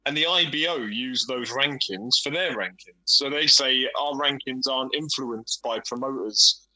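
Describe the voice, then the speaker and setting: A man's voice: medium pitch, normal speed, pushed and bright, low-quality recording. A man co-hosting a casual podcast, blunt and sweary as he explains things at length. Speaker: podcast co-host. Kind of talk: casual chat.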